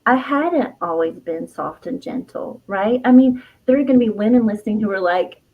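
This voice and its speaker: A woman's voice: medium pitch, animated, moderate pace, breathy edge, phone-quality sound. A middle-aged woman, an herbalist and author, telling a personal story as an interview guest in an earnest, heartfelt way, laughing often and restarting her sentences. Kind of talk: candid personal storytelling in conversation.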